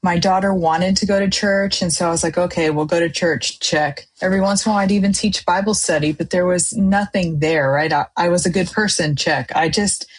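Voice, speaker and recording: A middle-aged woman sharing her faith testimony as a podcast guest, a lively storyteller who acts out her own past outbursts. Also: lowish voice, brisk, hardly any pauses, poor audio. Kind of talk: testimony in casual chat.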